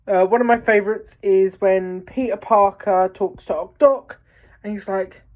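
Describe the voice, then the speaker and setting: A woman chats slowly through a film review. She rambles, full of fillers and restarts, and sounds excited about what she saw. Her voice sits at an ordinary middle pitch. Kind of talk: casual spoken film review.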